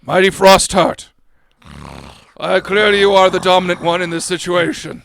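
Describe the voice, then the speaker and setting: High, lively, gravelly male player. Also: moderate pace, slight background noise. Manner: excitable and jokey. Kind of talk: casual in-character play.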